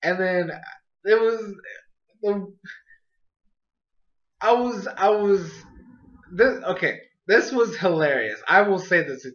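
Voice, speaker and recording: A man talks through an episode review in a loose, rambling way, full of fillers and amused asides. His voice sits a bit high for a man. The recording is muffled and lo-fi. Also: takes it slowly, long pauses, a bit bright. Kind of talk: casual spoken review.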